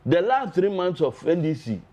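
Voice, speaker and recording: A man's voice: high-pitched, sing-song, normal speed, warm tone. A man with a Ghanaian accent, a party official on a talk show, arguing his case with energy and moving between Twi and English. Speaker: political party official, guest. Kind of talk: political debate talk.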